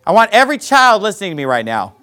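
A man delivers a sermon in a high-pitched, very animated voice that leaps around in pitch. He reads scripture aloud and mocks complainers in playful put-on voices. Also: fast. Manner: preaching with animated high outbursts and scripture reading; mocking impressions of whiners. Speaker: pastor.

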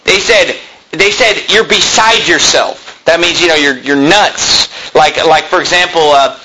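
A male pastor preaching an intense sermon, building to shouted quotes and stumbling over quick restarts. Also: a little high, noisy background. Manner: intense preaching, rising to shouts when quoting, with stammered restarts. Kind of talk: fervent sermon.

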